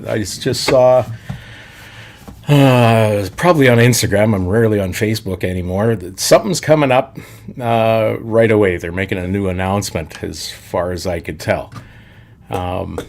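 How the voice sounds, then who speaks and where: A man's voice: medium pitch, vocal fry. A man co-hosting a casual podcast, reading sponsor spots and joking easily with his co-host. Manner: easygoing, joking, laughs often.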